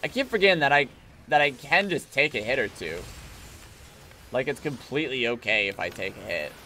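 A man's voice: medium pitch, lively intonation, fairly quick, pushed and bright, slight background noise. A man streaming a video game, giving casual commentary full of swearing and emotional outbursts.

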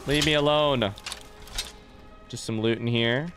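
A man's voice: medium pitch, unhurried, music in the background. A young man doing live gameplay commentary, rambling, joking and swearing as he chats to his viewers. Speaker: let's play streamer.

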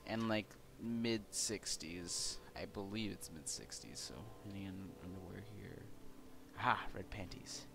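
A young Californian man hosts a let's play, casually commenting on a video game in a low, gravelly voice at a measured pace with hardly any pauses. He rambles with many fillers, restarts and casual swearing over a noisy background.

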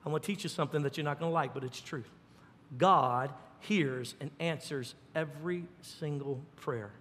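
A male pastor preaching a sermon with animated, folksy storytelling and fervent emphasis. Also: on the high side, moderate pace, long reverb tail.

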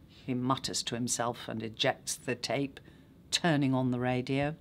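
An actress reading a literary short story aloud in a measured, unhurried way. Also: female voice, extremely low pitch, steady tone, a little hiss or hum.

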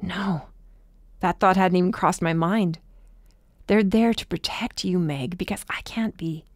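A woman voicing a tired, protective young man who speaks in a steady, hushed, reassuring way. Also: fairly low pitch, unhurried, no room sound, studio quality.

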